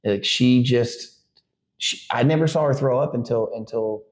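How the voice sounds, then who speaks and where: At medium pitch and a moderate pace, a middle-aged podcast co-host who is a father tells a family story casually. He meanders, restarting often and leaning on "like" and other fillers.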